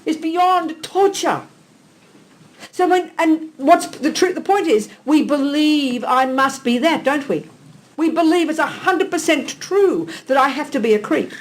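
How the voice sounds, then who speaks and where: In a hall, a woman gives a live question-and-answer Buddhist teaching to an audience, speaking at a measured pace in a high voice. Her manner is animated, blunt and teasing, and she fires off rhetorical questions.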